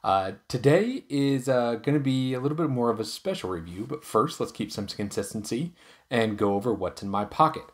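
A man hosting a casual product review vlog, talking in a relaxed, chatty way with frequent ums and uhs. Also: medium pitch, normal speed. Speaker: knife reviewer and channel host.

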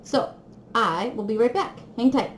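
A woman's voice: fairly high pitch, a little slow. Giddy, giggly woman unboxing a gift. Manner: excitable and giggly, gushing. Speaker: crafting vlogger. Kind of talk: casual unboxing chat to viewers. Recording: echoey room with faint noise.

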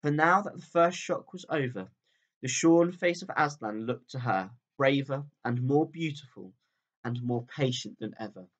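Reading a children's book chapter to listeners, a male teacher keeps a calm, steady storytelling tone and lets his voice drop at the end of sentences. He goes a little slowly, and the highs are cut off.

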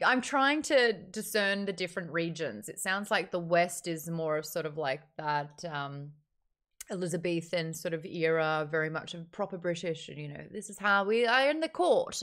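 A woman's voice: fairly low pitch, moderate pace, a bit bright. A woman hosting a casual online book chat, reviewing a novel candidly and reading out viewer comments, with wry remarks and frequent laughs.

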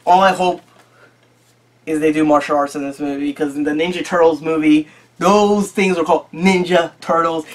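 A man's voice: fairly high pitch, a bit bright. A man hosting a casual video about his disc collection, rambling and joking with frequent swearing. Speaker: YouTube collector channel host. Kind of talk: casual chat.

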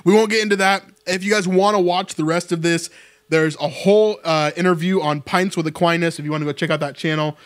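A man's voice: sits high, steady tone, fast talker. A man hosting his own channel, commenting casually on an interview clip, talking loosely with lots of fillers and repeated words. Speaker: channel host.

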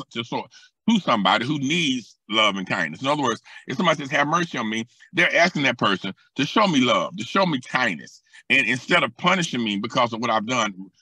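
A man preaching a sermon as pastor, with a Southern US accent, moving between calm scripture teaching with hesitant restarts and raised, emphatic passages. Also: mid-range voice, slightly rough, no echo. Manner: hesitant fillers and restarts while explaining scripture.

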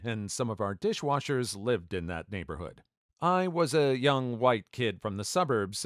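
Male narrator, lowish voice, very lively delivery, dry booth sound. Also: no room sound. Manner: animated, acts out the dialogue. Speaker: story narrator. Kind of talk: scripted story narration.

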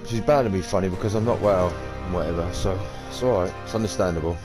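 A man's voice: sits low, quick pace, few pauses, music in the background. A man giving casual, slangy gameplay commentary, chatty and blunt. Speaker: gamer streamer.

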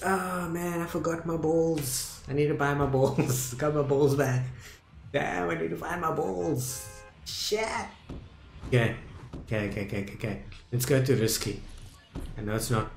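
A young South African man streaming a video game, talking casually to his viewers, muttering at times and loudly dismayed at others. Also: on the high side, creaky, reverberant, slight background noise. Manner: talks to viewers as "dudes" and "boys", swings from muttering to loud dismay. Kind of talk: casual live gameplay commentary.

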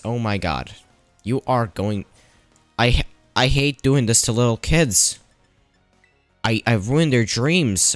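A man with a medium-pitched voice gives casual let's-play commentary on a dry recording. Narrating his playthrough, he thinks aloud and teases the game's characters.

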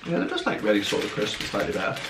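Man, Northern Irish accent, young adult, low voice, laid-back joking, faint hiss. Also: huge pitch swings, quick pace, fairly bright tone. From Northern Ireland. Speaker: vlogger's partner. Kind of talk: casual snack-tasting chat. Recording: echoey room, mic at a distance.

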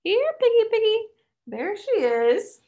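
A woman's voice: very high-pitched, big pitch swings, unhurried, mellow, muffled recording, voice pushed up, full character voice. A woman voicing a group of mocking teenage partygoers who call out in a taunting sing-song.

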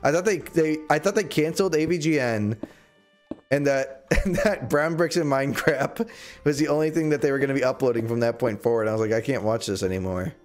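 A man's voice: a little high, brisk. A young man chatting casually while streaming a game, rambling with jokey, sarcastic asides. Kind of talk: casual livestream chat while gaming.

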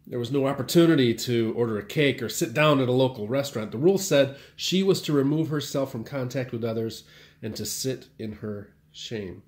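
A man of middle pitch delivers a short sermon-style church news update. He tells the story wryly, dropping his volume and lifting it again for emphasis. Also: fairly quick. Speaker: pastor.

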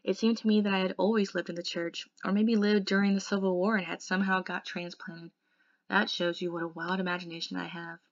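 Woman tutor, audiobook narration, low voice, dry dull sound. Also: level tone, a little fast, dry recording. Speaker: tutor reading a novel aloud. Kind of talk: audiobook reading, first-person narration.

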